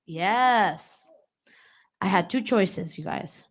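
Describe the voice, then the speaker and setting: A woman's voice: fairly low pitch, expressive, very slow. A young adult woman giving a conversational talk to an audience at a community center, telling a personal story and often asking the listeners questions. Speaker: guest speaker. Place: community hall.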